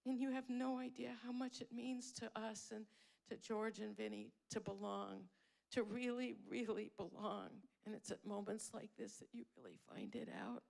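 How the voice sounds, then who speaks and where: A woman's voice: a little high, steady tone, normal speed, gravelly, darkish tone. A woman giving a candid, heartfelt spoken tribute at a memorial; she is blunt and swears freely. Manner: heartfelt and emotional. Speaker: eulogy speaker at a memorial.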